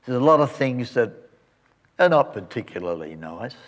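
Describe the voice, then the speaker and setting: A male pastor telling a story at the close of a sermon and leading a quiet prayer. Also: medium pitch, sing-song, moderate pace. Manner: storytelling, then soft reverent prayer.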